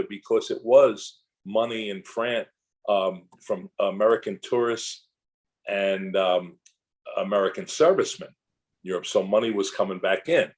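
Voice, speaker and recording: A man's voice: on the low side, unhurried, rough recording. An older man, an actor guest in a casual interview, telling long rambling anecdotes full of restarts and asides.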